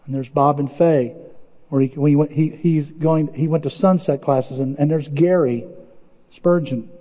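A male pastor preaching a sermon in a lively, animated way, acting out quoted voices. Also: a little slow, big-room sound, muffled recording. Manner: animated, acts out quoted voices with big pitch jumps.

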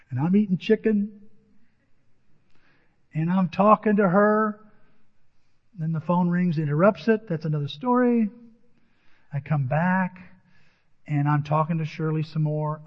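Pastor telling a story in a reverberant hall. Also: male voice, on the high side. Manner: personal anecdotes with quoted dialogue, earnest. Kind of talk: sermon storytelling. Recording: dull audio with long hall reverb.

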